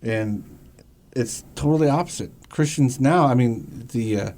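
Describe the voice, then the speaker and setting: A man's voice: mid-range voice, unhurried, a little mellow. A man hosting a radio talk show, agreeable and reading scripture aloud.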